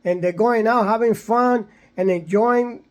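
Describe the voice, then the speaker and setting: A man's voice: high voice, measured pace. A man talking in a casual vlog monologue, rambling and repetitive, lecturing his viewers with many fillers and restarts. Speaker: vlogger. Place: somewhere in San Antonio, Texas.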